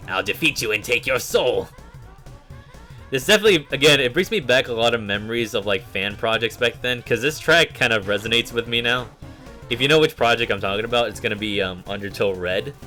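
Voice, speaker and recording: A man's voice: mid-range voice, expressive, fast talker, sharp tone, soft background music. A man streaming a game, rambling casually with many fillers and reading game text aloud. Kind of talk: casual gameplay commentary.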